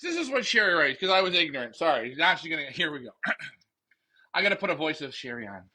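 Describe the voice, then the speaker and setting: A pigeon racing show host with a high, bright voice jokes and rambles to viewers on a casual live stream. Very animated and quick-paced, he talks into the phone he's carrying as he walks out to his backyard loft at night.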